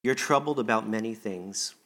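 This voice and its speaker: A man's voice: normal speed, bright, forceful tone. A man preaching a conversational sermon to his church, earnest and reflective, acting out quoted lines as he goes. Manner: conversational, earnest, often acts out quoted lines with rising pitch. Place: church service.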